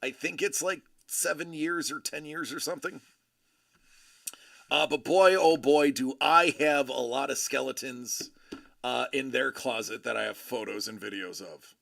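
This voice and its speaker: A man's voice: medium pitch, unhurried, vocal fry, fairly bright tone. An American man hosting a casual stream, rambling and joking with many fillers and restarts. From United States. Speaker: livestream host and father.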